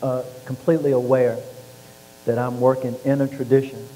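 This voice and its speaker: A man telling stories from his life in an interview, lively and acting out the voices of people he quotes. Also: mid-range voice, moderate pace. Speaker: author and former football player. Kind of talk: storytelling interview. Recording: reverberant hall with faint hum.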